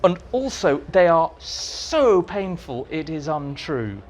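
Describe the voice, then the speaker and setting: Male writer guest, animated storyteller, slightly high voice, faint background hiss. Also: slow. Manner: animated, acts out quotes in voices. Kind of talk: anecdotal storytelling. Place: society meeting room.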